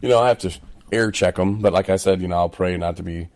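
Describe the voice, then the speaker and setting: A man's voice: low voice, fast. A man co-hosting a casual recovery podcast, telling stories animatedly and laughing often. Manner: animated storyteller who acts out other people's voices. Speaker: podcast co-host. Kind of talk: casual chat.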